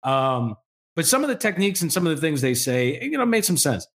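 A man chatting on a podcast with friends, rambling and swearing as he tells stories. His voice sits a little high and jumps around a lot as he gets going. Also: a little fast. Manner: animated, profane, rambling storytelling. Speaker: podcast co-host. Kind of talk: casual chat.

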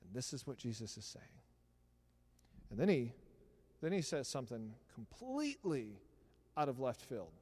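A middle-aged man preaching a sermon in a church, talking conversationally with animated asides. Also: mid-range voice, moderate pace, long pauses, breathy edge. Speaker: pastor. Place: church sanctuary. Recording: long hall reverb.

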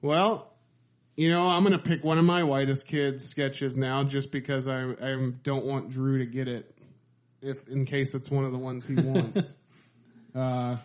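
A man co-hosting a podcast in casual chat, relaxed and swearing casually as he describes comedy scenes in detail. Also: mid-range voice, unhurried. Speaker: podcast co-host.

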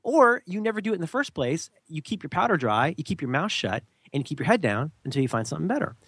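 A man holding forth on a podcast, his pitch leaping up and down as he makes his points. He talks emphatically, often jumping into mocking voices of other people. The sound is dry and close, with no room echo. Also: fast talker, breathy edge. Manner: animated, jumps into mock voices, emphatic. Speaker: podcast co-host. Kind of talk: casual podcast rant.

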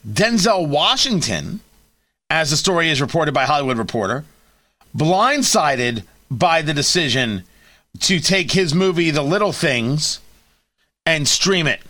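A middle-aged man hosting a radio talk show, giving opinionated commentary with sarcasm and quick asides. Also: fairly high pitch, no room sound. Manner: sarcastic, animated, quick asides and mock voices. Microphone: studio microphone.

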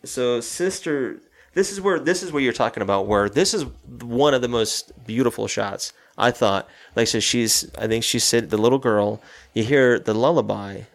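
A man's voice: mid-range voice, moderate pace. Casual man retelling a film scene. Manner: loose retelling, acts out quoted lines. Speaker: podcast co-host.

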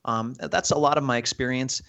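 A man's voice: mid-range voice, fairly even intonation, brisk, sharp tone. A man co-hosting a podcast over a video call, easygoing with dry jokes. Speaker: podcast co-host, youth minister.

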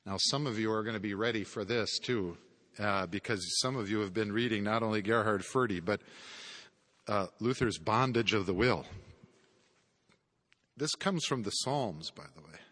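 Bright-voiced man lecturing in an echoing hall. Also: fairly low pitch, normal speed. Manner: conversational, with chuckling asides. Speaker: theology lecturer. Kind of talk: classroom theology lecture. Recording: long hall reverb.

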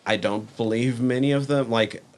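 A man co-hosting a podcast, chatting in a relaxed way and swearing casually. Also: mid-range voice, normal speed, slight background noise. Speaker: podcast co-host. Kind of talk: casual chat reviewing a TV series.

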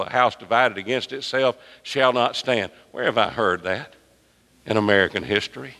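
Male pastor, mid-pitched, forceful pulpit sermon with big dynamic swings; long church reverb. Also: gravelly. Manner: emphatic preaching with wide swings in pitch and volume. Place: church sanctuary.

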